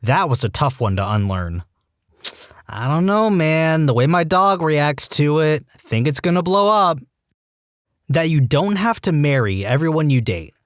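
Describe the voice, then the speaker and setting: A man narrating a podcast, reading internet posts aloud in an expressive voice that swings widely in pitch. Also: a little slow, no room sound, clean studio sound.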